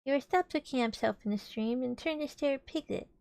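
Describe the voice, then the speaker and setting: A woman's voice: high-pitched, fairly quick, vocal fry, darkish tone, no room sound, studio quality. A young woman streamer reading a storybook aloud with playful, chatty asides to her viewers. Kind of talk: casual storybook read-aloud with chat.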